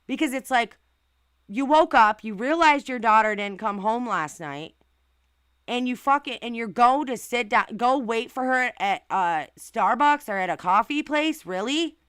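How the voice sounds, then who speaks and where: Woman host, casual stream commentary, indignant and blunt, bright clear tone, dry close sound. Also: a little high, lively intonation, a little slow, no room sound. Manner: outspoken, indignant, swears and asks rhetorical questions. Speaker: channel host reading viewer comments.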